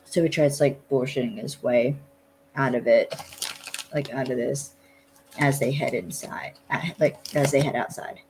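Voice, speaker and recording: Podcast host, unhurried gravelly delivery, rambling casual recap with blunt swearing. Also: mid-range voice, steady tone, background noise. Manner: loose, lots of "like", blunt swearing. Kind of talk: casual chat recapping a TV episode.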